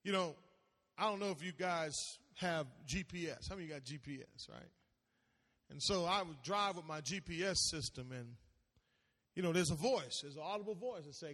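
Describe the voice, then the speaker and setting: A man preaching a sermon as pastor, animated, laughing and calling out to the congregation. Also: on the high side, fairly quick, big-room sound.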